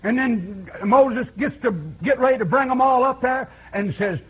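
A man delivers a folksy sermon, repeating himself and calling out to the congregation. His voice sits high and husky, rising and falling widely. The recording is dull and lo-fi, like an old church tape. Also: moderate pace, hardly any pauses. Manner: folksy, repetitive call-and-response preaching. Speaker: preacher.

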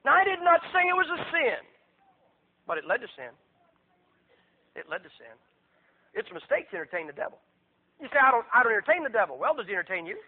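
An American man preaching a sermon, emphatic and repetitive, with sarcastic asides. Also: very high-pitched. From United States. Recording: tinny phone-like lo-fi sermon recording.

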